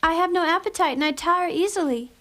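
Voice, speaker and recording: A woman voicing a shy, caring teenage girl in an animated series, soft-spoken and worn out from feeling unwell. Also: very high-pitched, brisk, full character voice. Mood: weary. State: tired and pale with no appetite.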